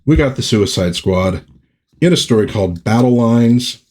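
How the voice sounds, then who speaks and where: A man's voice: mid-range voice, expressive, moderate pace, a little mellow. A man chatting casually through a comic book review, rambling and correcting himself as he goes.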